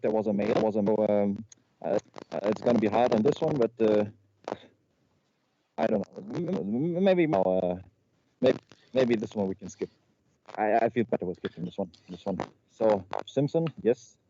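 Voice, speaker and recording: A man's voice: lowish voice, animated, moderate pace, long pauses. A man improvising a comedy slide presentation over a video call, stumbling and repeating his words as he goes. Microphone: video call microphone. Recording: muffled lo-fi call audio with faint noise.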